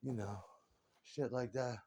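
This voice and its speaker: A man's voice: medium pitch, steady tone, unhurried, dark tone. A man in his forties delivering a rambling, crude comic monologue, laughing often and stumbling over repeated words.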